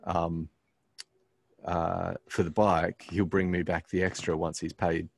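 A very low-pitched man tells a personal story in a relaxed conversation. He pauses often on "um" and restarts his phrases as he thinks. The sound is close and dry, with no room around it. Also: vocal fry, no room sound. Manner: halting, many "um"s and restarts. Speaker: pastor, guest.

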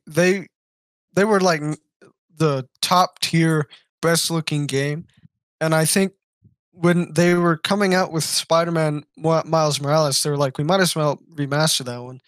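A man's voice: fairly high pitch, no room sound, clean studio sound. A young man co-hosting a podcast, chatting casually in a rambling, enthusiastic way. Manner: rambling, enthusiastic, lots of fillers. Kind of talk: casual chat.

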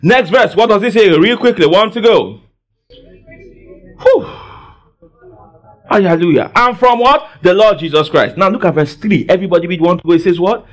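A fervent male preacher with a very high voice that swings widely up and down. He leads the congregation in call-and-response and keeps breaking into exultant shouts. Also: animated, normal speed, pauses often. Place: church service.

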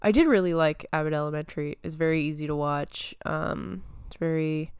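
A young woman talking through movie and TV news in a loose, rambling way, full of ums and little laughs. Her voice sits slightly low and comes across smooth and clean, with a touch of phlegm in the throat. It is recorded close and dry, with no room sound. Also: a little fast, dry recording. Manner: rambling, many fillers and giggles. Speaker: podcast host. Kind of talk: casual pop-culture chat.

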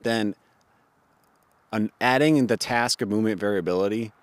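A man's voice: on the low side, normal speed, no room sound. A man co-hosting a podcast, explaining fitness ideas in a thoughtful, casual way with frequent fillers. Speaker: podcast co-host.

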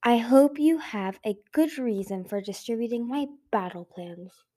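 A woman's voice: a little high, lively intonation, warm tone. Burn, a woman reading as a hissing dragon queen. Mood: menacing. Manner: hissing, slow and menacing. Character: massive scarred vicious female dragon queen. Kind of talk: amateur audiobook reading.

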